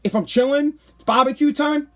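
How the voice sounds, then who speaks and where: A man, hosting a podcast with an animated, exasperated rant. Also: very high-pitched, moderate pace. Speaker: podcast host. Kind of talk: casual ranting monologue.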